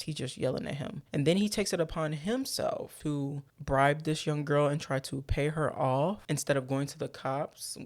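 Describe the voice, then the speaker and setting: Male YouTuber, casual movie recap, animated and profane, jumps into character voices mid-sentence. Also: mid-range voice.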